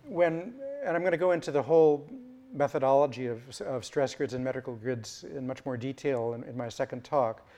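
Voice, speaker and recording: A male lecturer talking through an academic point at a middle pitch. He stops and restarts often and fills the gaps with ums and uhs. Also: mellow. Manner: halting, many fillers and restarts.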